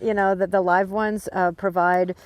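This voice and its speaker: A woman's voice: medium pitch, flat delivery, normal speed, no echo. A woman answering interview questions outdoors in the desert, speaking with open affection and enthusiasm for the plants and animals there. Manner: affectionate, enthusiastic about nature. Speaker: guide and desert expert. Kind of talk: casual field interview.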